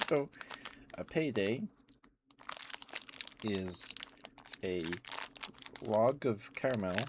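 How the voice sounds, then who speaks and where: A man doing soft-spoken ASMR on a stream, chatting relaxed while eating candy into a close mic. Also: fairly low pitch, noisy background.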